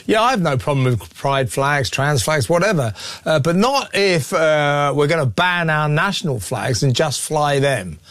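A man hosting a talk radio show, speaking in an opinionated, sarcastic and animated way. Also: a little high, a little slow, no room sound, clean studio sound.

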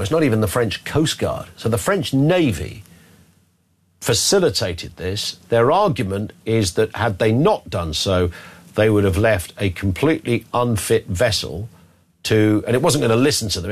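A man hosting a radio phone-in, talking in a wry, exasperated, bantering way. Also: fairly low pitch. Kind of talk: talk radio presenting.

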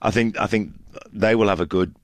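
A male football reporter chatting through the results on air. His voice sits a little low and sounds dry and close. He rambles with many fillers and restarts. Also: fairly even intonation, a little fast, dry recording. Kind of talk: casual match analysis on radio.

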